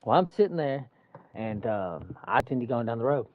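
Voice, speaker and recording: A construction worker casually retells a run-in at work, swearing a lot and animatedly acting out what each person said. His medium-pitched voice is at normal speed, and the dull, muffled, dry recording has slight background noise.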